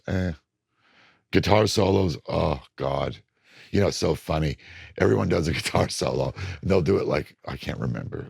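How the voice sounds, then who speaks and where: A middle-aged record producer being interviewed, telling blunt studio stories and acting out moments from sessions. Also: male voice, very deep voice, gravelly, husky, dry recording. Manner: animated, blunt storytelling that acts out studio moments.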